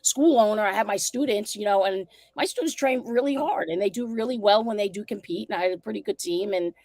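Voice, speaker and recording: Blunt, animated woman guest, dry mic. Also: medium pitch, fairly quick, dry recording. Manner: animated, blunt, repeats herself when indignant. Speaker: martial arts school owner, guest. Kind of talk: casual storytelling in a podcast interview.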